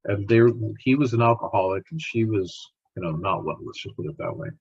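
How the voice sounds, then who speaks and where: A man, a scientist guest on a podcast, telling stories in an animated way and often repeating words. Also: fairly low pitch, brisk, slightly rough, highs cut off. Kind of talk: storytelling in conversation.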